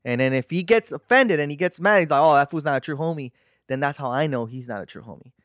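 A man's voice: a little high, lively intonation, fast, a bit bright, no room sound, clean studio sound. A young man in casual chat, blunt and slangy, now and then slipping in Spanish words.

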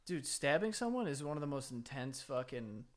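A man's voice: mid-range voice, big pitch swings, normal speed. A young man co-hosting a podcast, laid-back and swearing freely as he chats and laughs. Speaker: podcast co-host. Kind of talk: casual comedic chat.

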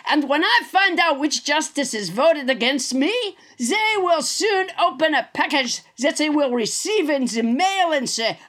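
A woman's voice: high voice, lively intonation, unhurried, few pauses, a bit bright. A woman playing a pompous, exaggerated parody of a president in a comedy sketch, ranting at a press conference.

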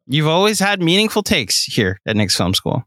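A man co-hosting a podcast in playful, teasing banter. His voice is bright and forceful, and his pitch moves a lot. The sound is dry and close. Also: very animated, moderate pace, dry recording. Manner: teasing, joking. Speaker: podcast co-host.

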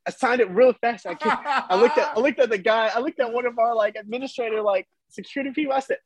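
Animated husky-voiced young man. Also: very high-pitched, fast talker, hardly any pauses, dry recording. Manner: animated, acts out voices in his story, laughs often. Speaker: baseball player guest. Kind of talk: casual storytelling.

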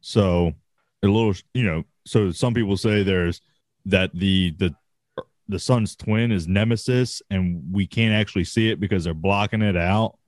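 A man's voice: low voice, moderate pace, no echo, studio quality. A man chatting casually on a podcast, swearing freely and laughing often. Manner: profane, laid-back, laughs often. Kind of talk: casual chat.

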